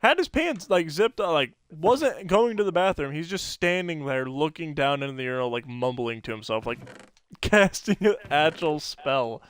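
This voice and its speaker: Man, podcast co-host, casual chat, rambling, lots of fillers, clear resonant voice, slightly high pitch. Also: lively intonation, moderate pace, a bit bright, dry recording. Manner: rambling storyteller, many fillers and laughs.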